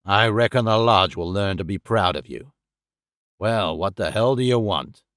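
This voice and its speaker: A man voicing a hulking, brutal older lodge boss with a low, gruff voice. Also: moderate pace, a bit bright, no room sound, clean studio sound, lightly acted.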